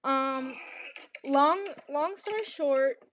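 A woman's voice: sits high, extremely slow, a bit bright, a little hiss or hum. A young woman co-hosting a podcast, telling a long story in a chatty, rambling way with lots of restarts. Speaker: podcast co-host. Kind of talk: casual chat.

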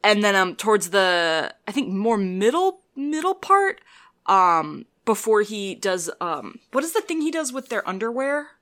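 A woman chatting about a film with a bright, forceful voice. She gushes and giggles, acting out lines she loved in a casual, excited way. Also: mid-range voice, unhurried. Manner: enthusiastic, giggly, quotes lines in put-on voices. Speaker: podcast co-host. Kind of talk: casual film-review chat.

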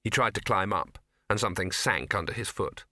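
Male audiobook narrator, measured storytelling, bright forceful tone, dry close mic. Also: lowish voice, lively intonation, dry recording. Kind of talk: scripted narration.

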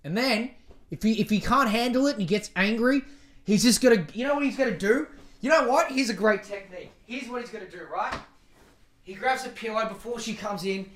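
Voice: mid-range voice, a little fast. A podcast host rambling through a casual solo monologue, swearing freely and poking fun at themselves. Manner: profane, rambling, self-mocking; lively, swings between mutters and outbursts.

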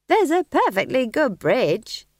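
For an audiobook, a woman puts on an exaggerated voice pitched above her own, with wildly swooping pitch and a measured pace. She plays an earthy, cheerful old witch who talks in a cheeky, blunt, chatty way, recorded dry and at studio quality.

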